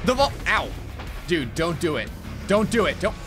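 A man commentating his own Minecraft play, excitable, yelping and laughing at the chaos. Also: high-pitched, moderate pace, over music. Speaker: gaming YouTuber.

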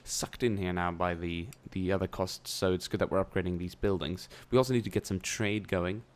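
A young man with a very low voice talks through his turns in a strategy game, chatty and loose. He thinks aloud as he plays, with the odd swear word. He speaks close to a desk mic. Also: fairly even intonation, brisk. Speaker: gameplay commentator. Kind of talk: casual let's-play commentary.

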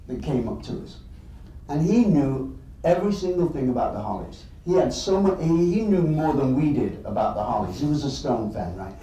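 A man's voice: on the high side, warm tone. English guy chuckling through a story, kinda far off mic, roomy sound w a bit of hiss. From England. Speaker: guest storyteller. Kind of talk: anecdotal storytelling to an audience.

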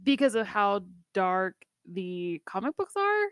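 A woman's voice: mid-range voice, sing-song, unhurried, a bit bright, clear, resonant tone, dry recording, clean studio sound. A woman co-hosting a movie review show in casual chat, talkative and laughing often between fillers.

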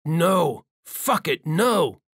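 A male audiobook narrator voicing a hot-tempered male warrior guardian, forceful and blunt. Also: mid-range voice, expressive, measured pace, husky, no room sound, clean studio sound. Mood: furious. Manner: forceful, swearing. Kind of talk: audiobook character voice.

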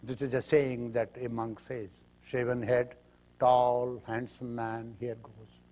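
A man's voice: medium pitch, flat delivery, takes it slowly, warm tone. A man giving a spiritual lecture, telling parables emphatically and acting out the quotes. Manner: emphatic storytelling with acted quotes. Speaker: spiritual teacher.

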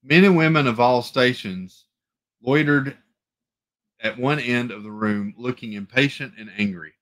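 A man reading a novel aloud for a live book club in an everyday voice of middling pitch. He trips over words now and then and corrects himself as he goes. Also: unhurried, fairly bright tone. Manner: stumbles and self-corrects.

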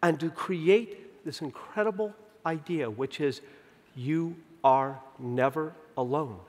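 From a stage at a large conference venue, a man in his fifties gives a story-driven keynote in a fairly high voice for a man. He's an animated storyteller who acts out dialogue and slows down to stretch out key lines, while long hall reverb trails each phrase.

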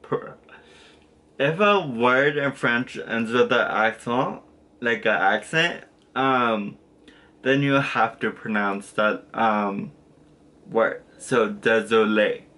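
Bright-voiced young man, rambling tutor. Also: mid-range voice, slow. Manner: rambling, self-correcting, lots of fillers and apologies. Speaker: language tutor. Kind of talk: casual spoken lesson.

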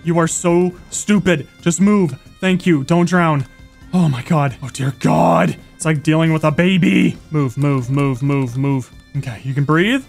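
A young man giving excitable live gameplay commentary, gasping, yelping and talking to the animals and monsters on screen. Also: on the high side, unhurried, gravelly. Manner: excitable, talks to animals and mobs, frequent gasps and yelps. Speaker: gaming YouTuber. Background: faint game music.

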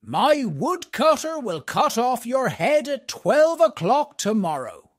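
A stern, commanding king from a storybook, as a male reader puts him on. He speaks slowly, the pitch climbing and dropping with feeling. The sound is dry and near. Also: wildly swooping pitch, no room sound, exaggerated voice. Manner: slow, clear storybook reading.

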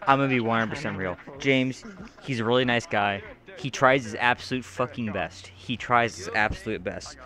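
A man's voice: medium pitch, moderate pace, crowd noise. A man streaming a social game, rambling apologetically and swearing often. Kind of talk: casual chat while playing.

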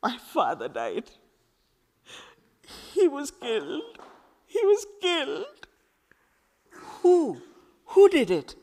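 A woman reading aloud voices a grieving teenage girl who cries out in high, tearful bursts. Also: wildly swooping pitch, very slow, gravelly, long pauses, mellow, full character voice. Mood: anguished. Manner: high-pitched, tearful outbursts. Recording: echoey hall with long reverb.

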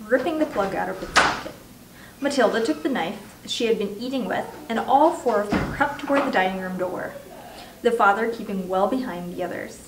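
A woman reading a children's book aloud with expressive storytelling. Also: medium pitch, background noise. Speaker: reader. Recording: echoey room, distant mic.

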